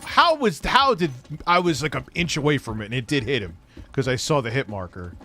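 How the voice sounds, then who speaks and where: Lively man joking while gaming. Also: mid-range voice, fairly quick, a little hiss or hum. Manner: crude joking while playing a shooter. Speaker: co-host gaming on stream. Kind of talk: casual live-stream banter.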